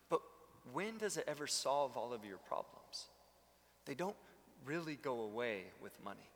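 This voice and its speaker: A man's voice: medium pitch, pushed and bright, big-room sound. A man preaching a sermon, telling stories conversationally with bursts of emphasis. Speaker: pastor.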